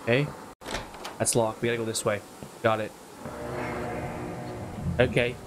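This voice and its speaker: A man's voice: mid-range voice, level tone, unhurried, music in the background. A man giving nervous commentary while playing a horror game, muttering repeated worries and breaking into sudden yelps. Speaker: gaming YouTuber.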